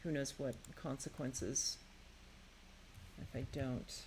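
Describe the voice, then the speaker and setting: A woman's voice: extremely low pitch, fairly even intonation, takes it slowly, darkish tone, slight background noise. Woman thinking aloud while playtesting a game. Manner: muses aloud to herself, curious and tinkering. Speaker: game maker.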